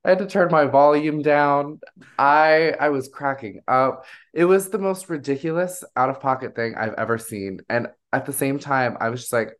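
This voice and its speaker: A man's voice: medium pitch, normal speed. A man chatting as a podcast guest, candidly sharing his reactions and laughing along. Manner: candid, giggly, talks through reactions. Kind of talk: casual chat.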